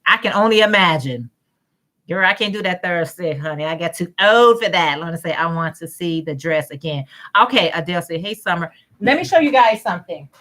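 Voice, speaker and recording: A woman's voice: fairly low pitch, lively intonation, fairly quick, a bit bright. A woman hosting a crochet livestream, chatting casually, greeting viewers by name and reading their comments aloud.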